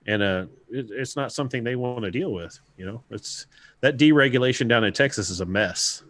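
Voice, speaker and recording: A man co-hosting a casual podcast chat, relaxed and chuckling, often restarting his sentences. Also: medium pitch, brisk, no echo. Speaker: podcast co-host.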